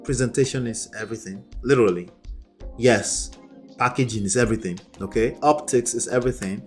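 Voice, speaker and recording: A man's voice: medium pitch, fairly quick, faint music behind. A man reacting to clips as a relationship coach, emphatic and repetitive, laughing between points. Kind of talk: casual reaction commentary.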